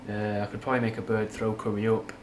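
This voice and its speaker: Fairly low and flat, this young Manchester streamer's voice moves quickly as he answers chat with frank, rambling, sweary slang. A slight Scouse twang colors his Mancunian accent, and there's slight background noise.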